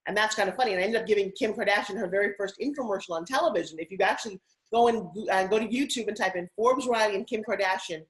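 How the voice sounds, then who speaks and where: A middle-aged woman guest telling stories in an interview, animated and putting on voices now and then. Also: mid-range voice, fast, poor audio. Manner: animated, acts out her kids' voices. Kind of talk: interview storytelling.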